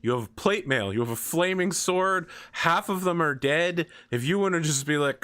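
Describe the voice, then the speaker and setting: A man narrating a tabletop game as dungeon master, animated and swearing, slipping into silly voices for the monsters. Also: a little high, normal speed, few pauses.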